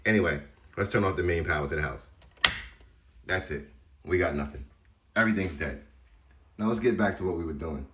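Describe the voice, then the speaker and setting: A man's voice: deep voice, brisk, pauses often, reverberant, background noise. A man hosting a casual how-to video, talking straight to viewers in a blunt, chatty way while he works around his house. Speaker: DIY solar video host. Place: house interior, laundry area.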